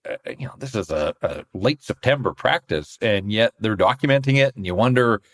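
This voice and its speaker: Brisk and expressive, a hockey reporter with a fairly low pitch and fairly bright tone co-hosts a podcast. He tells stories in relaxed conversation and laughs frequently along the way.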